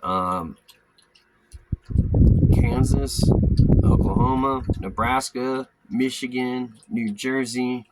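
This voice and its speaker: A man ranting in a loose, casual monologue, blunt and profane, who keeps jumping into other people's voices as he tells a story. His pitch sits in an ordinary middle range. Steady background noise and clicks run under the recording. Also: takes it slowly, pauses often.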